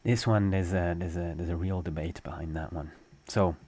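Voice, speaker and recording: A man's voice: sits low, fairly even intonation, normal speed, a little mellow, husky. A man with a French accent, a French teacher giving a casual spoken lesson, joking as he explains and drawing out example sounds. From France.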